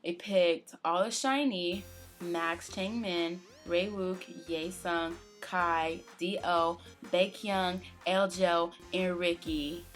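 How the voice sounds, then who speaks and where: A woman's voice: on the low side, steady tone, slow pace, faint music behind. A young woman co-hosting a casual fan Q&A, goofy and giggly, breaking into playful outbursts. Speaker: K-pop reaction channel co-host. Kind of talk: casual Q&A chat.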